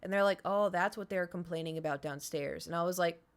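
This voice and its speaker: A woman with a fairly low voice chats with her live stream viewers at a slightly fast pace, her voice a bit strained. She tells stories packed with sound effects and whispered asides.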